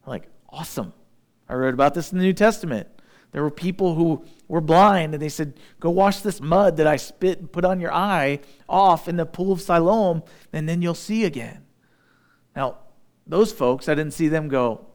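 A man preaches through a scripture passage. His voice sits a little higher than most men's. He reads verses and then breaks them down in plain, homespun talk with a touch of humor. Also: normal speed, darkish tone. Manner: plain-spoken, folksy asides with light humor. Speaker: pastor. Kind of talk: sermon, reading and explaining scripture.

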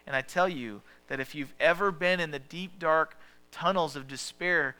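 A man preaching a sermon as pastor, talking conversationally and asking the listeners questions, often dropping to a soft hush. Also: fairly high pitch, moderate pace, smooth.

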